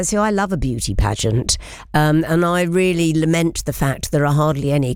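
Woman in her sixties, chatty host, deep voice, dry close sound. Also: a little mellow, clean tone, dry recording. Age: 60s. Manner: enthusiastic, chatty, laughs often. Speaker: radio presenter. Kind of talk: casual interview chat.

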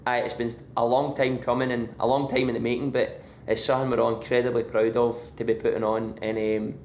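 Scottish male guest musician, hesitant and chatty, monotone, echoey remote line. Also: medium pitch, slight background noise. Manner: halting, many fillers and restarts. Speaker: band member, guest. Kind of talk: casual interview. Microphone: remote line from abroad.

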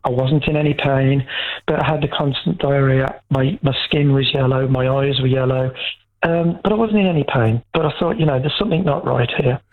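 A man's voice: mid-range voice, brisk. A man calling into a radio phone-in, speaking frankly and rambling with restarts. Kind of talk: candid phone-in call. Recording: tinny phone line.

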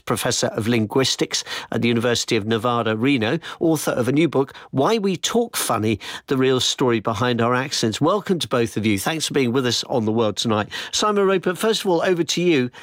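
Measured English radio presenter, dry studio. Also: male voice, medium pitch, animated, dry recording. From West Country of England. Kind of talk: radio interview hosting.

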